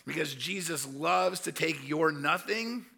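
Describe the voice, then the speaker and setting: A male pastor giving a sermon, telling Bible stories with animated acted-out voices. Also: a little high, a little slow, creaky, breathy edge. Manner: animated storytelling, acting out voices of Bible figures.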